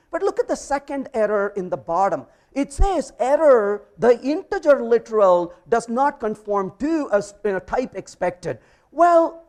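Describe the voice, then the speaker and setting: A man giving a live technical presentation, demonstrating code with energetic, emphatic delivery and playful asides. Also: very high voice. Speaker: conference speaker teaching programming.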